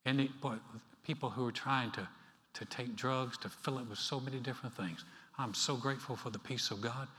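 A male pastor preaching a sermon in a church, talking in a conversational, animated way with playful asides. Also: mid-range voice, fairly quick. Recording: reverberant hall.

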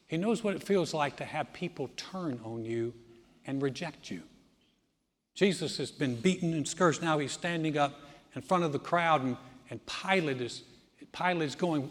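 Man, pastor, sermon, storytelling, loud then hushed, somewhat high voice, husky tone, long church reverb. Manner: storytelling, swings between loud emphasis and hushed low lines.

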